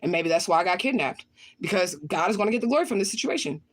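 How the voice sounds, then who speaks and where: Her lowish, slightly rough voice comes quick and animated as she reads viewer comments on her own livestream. An adult with children, she replies with blunt, profane outbursts and tends to repeat her lines.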